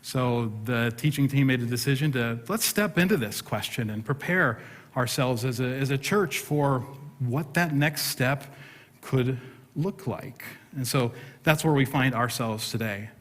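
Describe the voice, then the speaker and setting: A man's voice: mid-range voice, unhurried, fairly bright tone. Man preaching in a reverberant church. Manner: storytelling, self-deprecating humor. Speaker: pastor. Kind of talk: sermon. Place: church sanctuary. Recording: long hall reverb.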